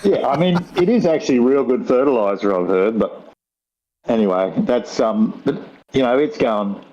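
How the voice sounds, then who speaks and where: A man's voice: mid-range voice, animated, normal speed, a little mellow, highs cut off. An older man from Australia with a broad rural Australian accent, telling rambling stories with dry humour in a casual chat. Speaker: guest.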